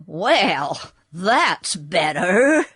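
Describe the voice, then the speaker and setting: A woman's voice: mid-range voice, expressive, very slow, bright, forceful tone, no room sound, clean studio sound, full character voice. A woman doing a grumbling old cab horse. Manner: gloomy, growling.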